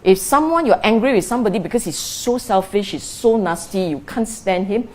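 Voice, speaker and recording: Buddhist teacher lady giving a dharma talk, very animated pitch, repeats herself, keeps asking the room questions. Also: fairly quick. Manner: repetitive, emphatic teaching with rhetorical questions.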